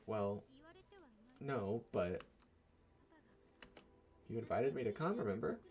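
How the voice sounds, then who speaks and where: A man's voice: on the low side, sing-song, slow, a little mellow. A man voicing an anxious young woman scientist who pleads timidly and tries hard to please. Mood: hopeful.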